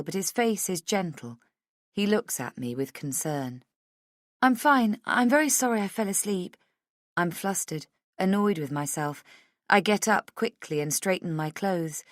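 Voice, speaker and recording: A woman with a low voice reads a first-person thriller audiobook. Her reading is measured and intimate, and the recording is close and dry with no room sound. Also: dry recording. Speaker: audiobook narrator.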